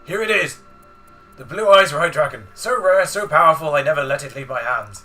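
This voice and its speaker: Picture a kindly old grandfather who runs a game shop, proudly showing off his prized card, as a man reading a game puts him on. The voice is raised and bright, with a forceful, theatrical lift. Soft game music runs faintly behind him. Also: fairly high pitch, a little fast.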